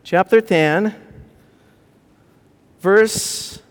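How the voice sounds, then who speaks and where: High-voiced animated man preaching in a hall. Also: drawn-out words, clean tone. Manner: animated, swings from loud to hushed. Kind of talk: sermon. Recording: long hall reverb.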